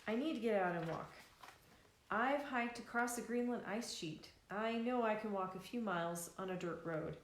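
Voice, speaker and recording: A determined woman adventurer, read by the author in her own voice speaks firmly and directly. Her middle-pitched voice sits in an echoey room. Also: normal speed, close to an everyday voice. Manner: firm and direct.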